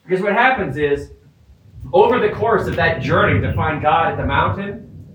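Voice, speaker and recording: A priest from the Midwestern US gives a homily outdoors, his voice sitting a little high. He speaks conversationally, trips over repeated words and drops joking asides to his listeners. He sounds far from the mic, with heavy echo around him. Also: expressive, normal speed, muffled recording, noisy background. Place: outdoors in the mountains. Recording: echoey, distant outdoor sound.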